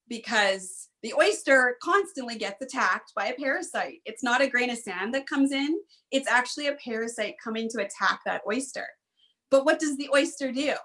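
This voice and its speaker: A woman's voice: fairly high pitch, a bit bright. A woman guest on a podcast, an author and speaker, talking earnestly and emphatically, telling a story with repetition. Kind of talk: motivational interview talk.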